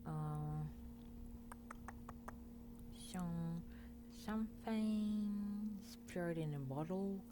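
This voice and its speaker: A woman with a deep, low voice talks slowly and hesitantly, thinking aloud as she goes. A steady hum runs clearly in the background of the recording.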